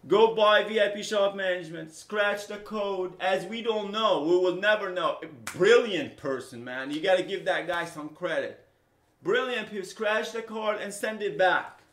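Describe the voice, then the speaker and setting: In an echoey room, a middle-aged Middle Eastern software company owner whose first language is Arabic delivers an unscripted, impassioned rant to camera. His volume lurches from loud to low, and he says things over and over.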